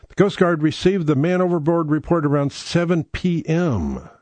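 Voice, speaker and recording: A man's voice: a little high, normal speed, darkish tone, dry recording. A man hosting a rambling comic monologue, profane and sardonic, digressing as he talks.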